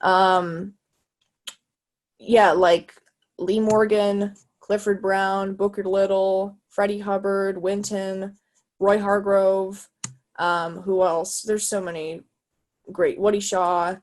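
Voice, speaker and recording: An 18-year-old woman from Illinois, a guest talking casually over a video call, eager and halting, full of fillers and restarts. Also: mid-range voice, flat delivery, a little mellow. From Illinois, USA. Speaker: guest, jazz trumpet player. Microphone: video call microphone.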